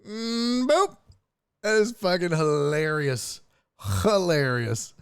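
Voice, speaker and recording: A man's voice: mid-range voice, lively intonation, normal speed, no room sound, clean studio sound. A man hosting a live sports stream, ranting and laughing his way through tweets in casual, profane chat. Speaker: streaming sports show host.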